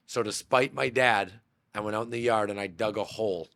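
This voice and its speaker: Bright-voiced man telling animated stories. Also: on the low side, brisk. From Massachusetts, USA. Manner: animated, rambling anecdotes with many fillers and restarts. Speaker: real estate brokerage owner, podcast guest. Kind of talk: casual storytelling interview.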